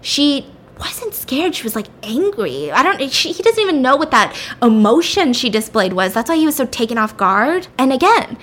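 A woman's voice: high-pitched, sing-song, a bit bright. A young woman casually retelling a plot, chatty and full of asides. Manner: chatty, fillers of "like", quick asides. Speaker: storyteller.

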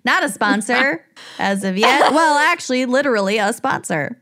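A woman's voice: a little high, lively intonation, moderate pace, pushed and bright. A woman co-hosting a podcast, thanking patrons with jokes, giggles and stumbling restarts. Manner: giggly, joking, self-interrupting. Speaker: podcast co-host. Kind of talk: casual chat reading patron thanks.

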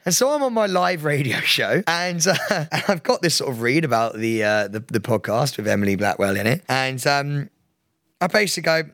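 A man in his thirties co-hosting a podcast in casual chat, excitable and laughing a lot. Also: moderate pace, no room sound, studio quality. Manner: excitable, laughs a lot, swings up high when hyped. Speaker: podcast co-host.

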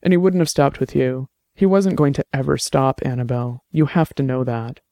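A man voicing a gentle young man who talks steadily and reassuringly, with a light joking touch. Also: medium pitch, normal speed, no room sound, lightly acted. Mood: tender, reassuring.

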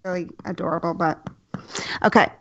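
A young woman telling a personal story in casual chat, candid and lively, swearing freely. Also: fairly low pitch, brisk, no echo. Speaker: guest telling her birth story. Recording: dull, dry sound.

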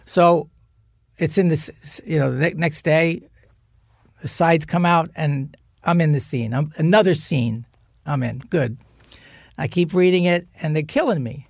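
A man, an actor guest on a podcast, telling animated anecdotes, acting out what others said and laughing often. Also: fairly high pitch, unhurried, vocal fry, pauses often, dry recording, studio quality. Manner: lively storyteller, acts out quoted voices, laughs often.

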